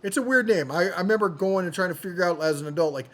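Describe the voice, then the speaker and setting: A man with a slightly raised pitch runs through weekly product deals as a channel host. His delivery is casual and jokey, and he often restarts a sentence to correct himself. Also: very fast. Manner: chatty, jokey, self-correcting. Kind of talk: casual product deal rundown.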